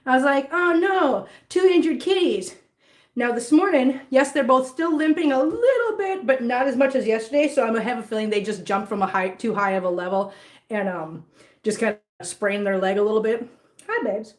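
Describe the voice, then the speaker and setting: Here the cat vlogger's voice sits a little high and moves fairly quickly, with a roomy sound. At home in her living room with hardwood floors, she talks casually and coos at her kittens in a sing-song way.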